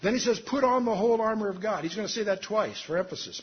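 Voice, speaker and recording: A man's voice: sits high, fast, slightly rough, lo-fi sound. A man teaching a sermon, earnestly reading scripture aloud with emphasis and explaining it. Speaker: Bible teacher.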